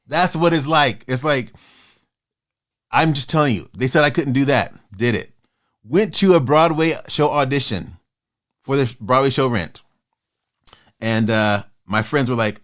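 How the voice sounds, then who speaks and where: A man in his fifties hosting his own motivational vlog, talking in a passionate, fired-up way with sudden loud bursts. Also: mid-range voice, a little slow, long pauses. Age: 50s. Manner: acts out doubters in quoted asides. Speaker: author and channel host.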